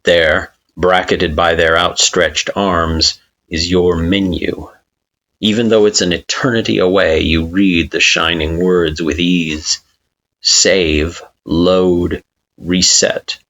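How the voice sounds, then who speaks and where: A man reading a fan-fiction story aloud with slow, expressive narration. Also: deep voice. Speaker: story reader.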